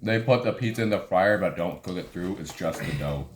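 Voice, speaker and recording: A young man playing a tabletop game, chatting casually and often stumbling over his words. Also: deep voice. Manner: halting, stumbling restarts. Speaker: player. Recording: echoey room with faint noise.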